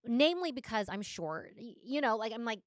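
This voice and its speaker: A woman's voice: fairly high pitch, animated, no room sound, clean studio sound. A woman co-hosting a podcast, a former news anchor, chatting casually and agreeing often. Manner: agreeable, quick to back up her partner, often drops quiet. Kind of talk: casual chat.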